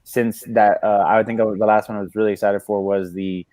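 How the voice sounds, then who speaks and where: Low-voiced man venting about his team. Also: little pitch movement, a little fast, a little mellow, no echo. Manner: earnest, exasperated fan opinions with many fillers. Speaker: podcast co-host. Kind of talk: casual sports talk.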